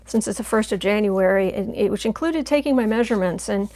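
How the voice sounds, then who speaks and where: Gravelly-voiced woman chatting on a stream. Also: medium pitch, brisk. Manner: chatty, rambling, coos softly to her cat. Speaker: tarot reader, channel host. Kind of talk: casual live-stream chat.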